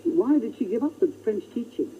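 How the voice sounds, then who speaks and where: A man's voice: sits high, lively intonation, a little fast. A man on a comedy radio panel telling jokes and slipping into quoted voices. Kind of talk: radio panel show banter. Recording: tinny old radio broadcast, faint hiss.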